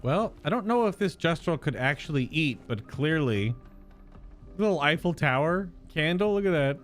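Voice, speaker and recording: A man's voice: fairly high pitch, animated, normal speed, faint music behind. A man giving casual, playful commentary while playing through a video game, joking and thinking aloud as he explores. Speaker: let's play host.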